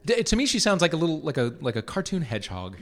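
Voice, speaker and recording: Animated man hosting a live comedy quiz. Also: fairly high pitch, fast talker. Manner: mocking, playful, profane. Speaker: host of a comedy quiz podcast. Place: theatre stage before a live audience. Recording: live show with audience behind.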